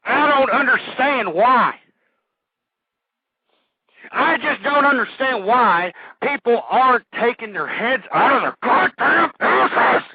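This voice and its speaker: A man hosting a call-in internet radio show, ranting vulgarly and shouting with passion. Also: very high-pitched, lively intonation, slow pace, husky, dry recording, phone-quality sound. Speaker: radio talk show host.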